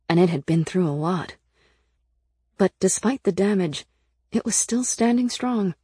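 A woman narrating a first-person audiobook in an earnest, lively storytelling manner. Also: mid-range voice, husky, no room sound, clean studio sound.

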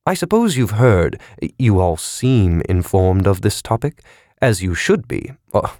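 A man's voice: lowish voice, very animated, a little slow, a little mellow, dry recording. A man narrating a story, voicing a severe, educated man who speaks in a precise, dry and cutting way. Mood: probing.

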